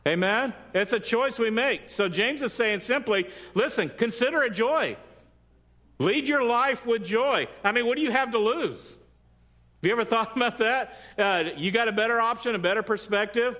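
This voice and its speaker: A man's voice: very high voice, moderate pace, bright, forceful tone. A man preaching a sermon who often checks in with the congregation and adds humorous asides. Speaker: pastor.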